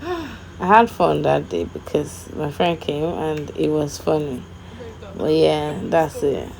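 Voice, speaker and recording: A young woman vlogger chatting casually about her workout, giggly and quick to act out what people said. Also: sits low, animated, vocal fry, a little mellow, a little hiss or hum, poor audio. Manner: chatty and giggly, acts out quotes. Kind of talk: casual workout vlog chat.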